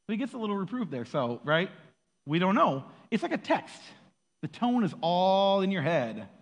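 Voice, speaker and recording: Casual male preacher, expressive and playful, reverberant hall sound. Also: high-pitched, normal speed. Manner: animated, acts out quoted voices, laughs often. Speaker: pastor. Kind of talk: casual sermon.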